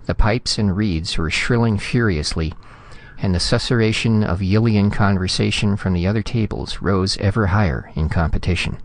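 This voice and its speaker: A man narrating a science fiction story in a steady, measured reading. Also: on the low side, no room sound. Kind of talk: scripted audiobook narration.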